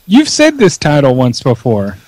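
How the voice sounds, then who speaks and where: A man's voice: mid-range voice, huge pitch swings, normal speed, darkish tone, no echo. A man co-hosting a casual podcast chat, dry and teasing, fond of playful wordplay. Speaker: podcast co-host.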